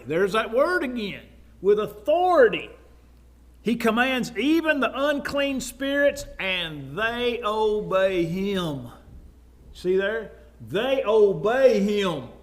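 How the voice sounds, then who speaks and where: A man with a Texan accent preaching in a conversational Bible class style, with frequent fillers and asides. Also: sits high. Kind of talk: sermon, Bible class teaching.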